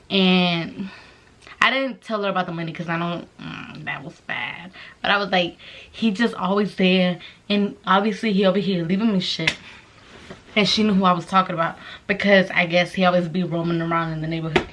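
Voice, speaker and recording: Animated, profane young woman telling a story. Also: lowish voice, brisk. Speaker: vlogger. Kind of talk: casual storytime vlog.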